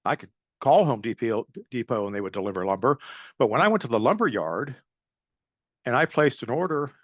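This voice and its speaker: A man's voice: medium pitch, animated, a little fast, no room sound, muffled recording. A middle-aged man giving a webinar presentation as a pricing consultant, speaking in a blunt, emphatic coaching manner and checking in with "right?" and "okay?".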